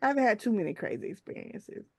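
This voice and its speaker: A woman author as a podcast guest, telling casual, animated stories in a colloquial way. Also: medium pitch, quick pace, gravelly, dry recording, clean studio sound. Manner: animated, colloquial, acts out voices of others. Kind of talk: casual storytelling interview.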